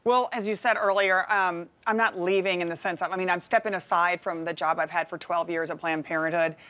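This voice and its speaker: A woman with a Texas accent and a fairly low voice speaks as a studio guest. She answers confidently and in an upbeat way, often with a light laugh in her voice. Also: fairly even intonation, brisk, fairly bright tone. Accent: Texan. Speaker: talk show guest, activist. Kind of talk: interview answers.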